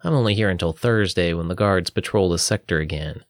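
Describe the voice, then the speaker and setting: A man's voice: low voice, a little fast, no room sound, clean studio sound. A man voicing a scrawny, cheeky male wizard in a storybook reading, with a raised, teasing voice. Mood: sly.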